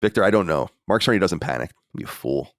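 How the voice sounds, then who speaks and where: A man hosting a podcast in casual chat, animated and reading listener letters aloud. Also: deep voice, quick pace, vocal fry, no echo, studio quality. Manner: animated storyteller, reads listener mail aloud. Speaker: podcast host.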